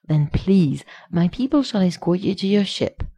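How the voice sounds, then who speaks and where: A man's voice: high-pitched, expressive, moderate pace, warm tone, dry recording, voice pushed up. A woman voicing an eager, gracious male alien trader who speaks in an effusive, formal way. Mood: delighted.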